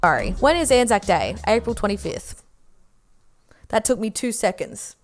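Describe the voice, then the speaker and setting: A woman's voice: mid-range voice, sing-song, normal speed. A young woman with an Australian accent, chatting her way through a quiz and making fun of herself. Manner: chatty, self-mocking, exclamatory. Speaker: YouTuber taking a quiz. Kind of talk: casual video commentary. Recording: played from a video with music behind.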